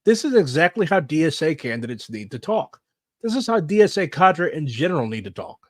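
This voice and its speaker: A man's voice: on the high side, a little fast, no echo. Guy ranting about politics over clips, blunt, says like a lot, dry close sound. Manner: blunt, animated, swears, fillers like "like". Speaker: political commentator reacting to clips. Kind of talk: casual reaction commentary.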